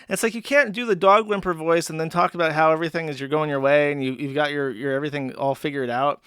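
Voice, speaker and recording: A man's voice: a little high, steady tone, quick pace, hardly any pauses, fairly bright tone, clean tone, dry recording, clean studio sound. A man hosting a stream commentary, ranting sarcastically with lots of swearing and filler words. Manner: profane, sarcastic, frequent fillers. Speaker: commentary host.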